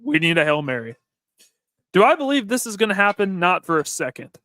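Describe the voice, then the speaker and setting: Young man, panelist on sports radio, bright higher voice, joking, dry sound. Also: sing-song, fairly quick, dry recording. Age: young adult. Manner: joking, self-deprecating. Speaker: fill-in panelist. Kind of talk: casual sports talk.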